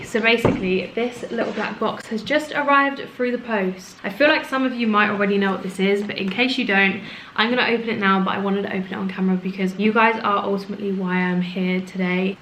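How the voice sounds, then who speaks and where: A woman in her twenties vlogging casually to camera, chatty and excitable, now and then hushed and emotional. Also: medium pitch, slight background noise. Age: 20s. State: has a headache. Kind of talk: casual vlog chat to camera. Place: home office room, indoors. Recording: echoey room.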